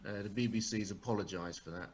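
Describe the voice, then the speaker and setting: Deadpan man doing stand-up. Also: fairly low pitch, fast talker. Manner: dry, sarcastic, deadpan. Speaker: stand-up comedian. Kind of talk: deadpan stand-up over a video call. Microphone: video call.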